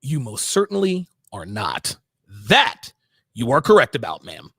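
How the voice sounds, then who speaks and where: A man reacts to a clip on a live stream, teasing and repeating his points. His voice sits high and swings widely in pitch, with a bright, gravelly edge. It is recorded close and dry. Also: huge pitch swings, a little slow, no echo. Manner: sarcastic, repeats himself, laughs often; mimics the woman in a low mumbling voice. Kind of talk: mocking reaction commentary.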